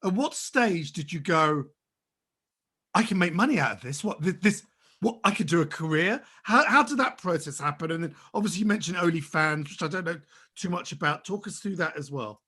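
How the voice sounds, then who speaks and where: A man's voice: fairly high pitch, a little fast, pushed and bright, husky. A man co-hosting a podcast, asking loose, rambling questions in casual chat. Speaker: podcast co-host.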